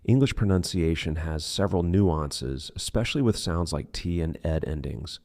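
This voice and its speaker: A man teaching English pronunciation in a scripted lesson, slowly modeling example words one by one. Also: deep voice, a little mellow, dry recording, studio quality.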